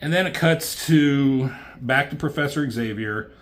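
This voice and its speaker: A man's voice: medium pitch, measured pace. A man who is a comic book reviewer, recapping a comic in a rambling, casual way, with lots of fillers and swearing.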